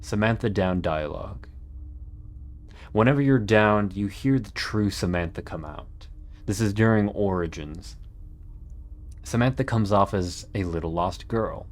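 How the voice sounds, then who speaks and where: A man narrating a scripted video essay in an earnest, measured way with dramatic pauses. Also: lowish voice. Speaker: YouTube narrator.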